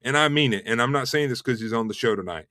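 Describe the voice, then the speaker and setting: An eager man hosting a casual online chat show, rushing through his plugs with plenty of "uh"s. His voice sits at a middle pitch. The sound is dry and close. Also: no room sound. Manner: rushed, energetic promo talk with fillers. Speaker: host.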